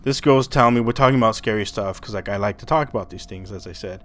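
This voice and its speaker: Low-pitched guy rambling through a creepy story, trips over his words a lot, swears. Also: quick pace. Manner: rambling, stammers and repeats words, swears freely. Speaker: podcast host. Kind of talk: casual storytelling.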